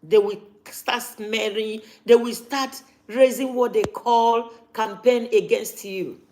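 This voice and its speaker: A woman's voice: fairly high pitch, steady tone, takes it slowly, darkish tone. A woman, talking casually to camera as a vlogger and repeating her points for emphasis.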